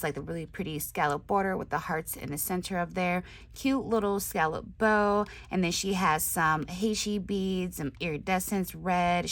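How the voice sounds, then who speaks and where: A woman hosting her crafting channel, chatting casually as she unboxes swap gifts, gushing with excited exclamations and soft whispered asides. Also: medium pitch.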